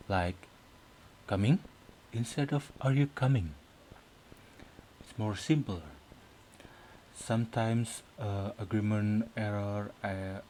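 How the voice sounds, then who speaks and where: Guy presenting slowly, lots of uhs, dark mellow voice, faint room hum. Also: fairly low pitch, rough recording. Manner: hesitant, many fillers and restarts. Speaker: student presenter. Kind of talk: academic presentation.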